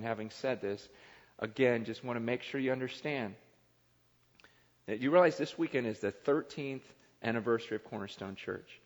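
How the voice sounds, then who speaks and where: A man's voice: medium pitch, moderate pace. A middle-aged man preaching a sermon as pastor, conversational and self-mocking, acting out little quoted voices. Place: large church hall. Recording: dull sermon recording in a reverberant hall.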